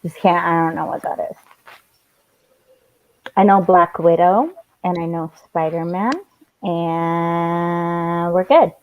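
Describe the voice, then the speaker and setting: A woman chatting in a casual group voice call, playful and teasing with easy swearing. Her voice sits a bit low and she talks slowly and unhurried. The sound comes through muffled and lo-fi. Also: steady tone. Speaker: voice chat participant.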